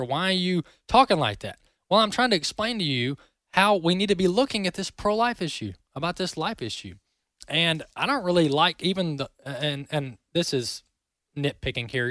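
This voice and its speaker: Talk host, male, emphatic and opinionated, fairly high voice, dry studio sound. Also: pushed and bright, no echo. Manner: emphatic, rising to indignant. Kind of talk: opinionated commentary.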